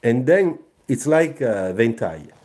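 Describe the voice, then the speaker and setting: Male design teacher; slow, lively delivery, keeps asking "you see?". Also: medium pitch, breathy edge. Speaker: car designer teaching sketching. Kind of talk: live drawing tutorial.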